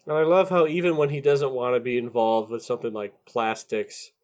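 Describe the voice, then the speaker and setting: A man co-hosting a podcast, chatting in a relaxed, reflective way about a film. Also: medium pitch, brisk, dull audio. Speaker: podcast co-host. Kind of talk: casual film discussion.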